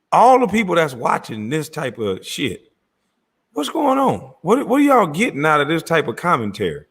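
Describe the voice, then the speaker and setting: A man's voice: medium pitch, fairly bright tone. A man giving profane, incredulous reaction commentary on a clip he is watching.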